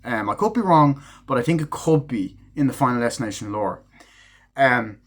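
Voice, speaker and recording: Man of ordinary pitch for a loose, chatty spoken review that acts out quoted lines. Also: expressive. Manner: rambling, full of fillers and casual swearing; acts out characters' lines in quick snippets. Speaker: movie reviewer.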